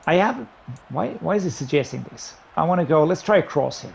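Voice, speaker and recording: A man giving running commentary while playing a football video game, excitedly talking through his play calls to himself. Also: fairly high pitch, normal speed, gravelly. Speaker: gaming YouTuber. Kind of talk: live gameplay commentary.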